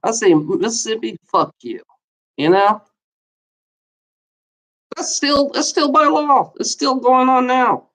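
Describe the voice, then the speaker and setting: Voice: mid-range voice, animated, slow pace, long pauses, fairly bright tone, low-quality recording. A vlogger reading out odd laws and ranting about them, swearing constantly and scoffing in exasperation. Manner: scoffing laughter between readings.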